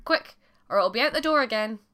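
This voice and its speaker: A woman's voice: on the high side, animated, brisk, sharp tone, pitched above the performer's own voice. A woman voicing an impatient, bossy farmer's wife giving urgent orders in a folk tale.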